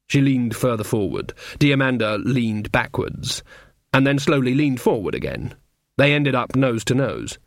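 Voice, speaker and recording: A man reading an audiobook narration in an expressive, storytelling way. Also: medium pitch, normal speed, no room sound, clean studio sound. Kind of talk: scripted narration.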